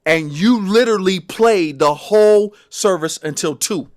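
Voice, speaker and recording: Casting note: gospel musician, male, higher register, lively and emphatic when recounting stories. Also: measured pace. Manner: animated, emphatic storyteller. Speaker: gospel musician and podcast guest. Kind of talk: personal storytelling in conversation.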